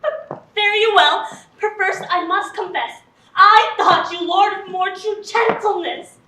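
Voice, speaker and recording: A woman's voice: very high voice, a little slow, bright, forceful tone, full character voice. A woman playing a lovesick, spurned young woman, declaiming verse with passion in a stage play. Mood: indignant. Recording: distant echoey stage, faint noise.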